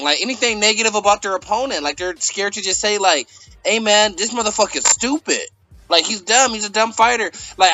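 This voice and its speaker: Bright, high-voiced man, dry sound. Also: dry recording, low-quality recording. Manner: loose, filler-heavy storytelling. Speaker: host. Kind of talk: casual profane chat.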